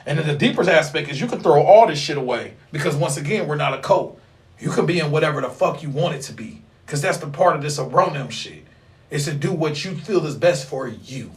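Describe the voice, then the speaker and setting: A man hosting a casual livestream teaches an occult class, lecturing his viewers like a street preacher. His voice sits a bit high for a man, and he rambles in a loose, slang-heavy, profane, animated and brisk way.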